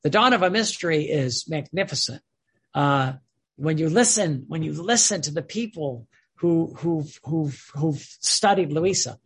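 An earnest devotional teacher with a slightly husky, breathy voice at a middle pitch. The talk is informal and heartfelt, full of restarts and repeated phrases. It sounds like someone explaining their faith to listeners in their own words. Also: lively intonation, measured pace.

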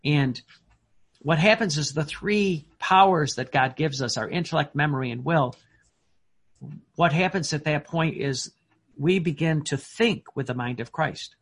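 A man preaching a sermon in an earnest, emphatic way, often pausing on fillers and restarting his words. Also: a little high, animated, a bit bright, husky.

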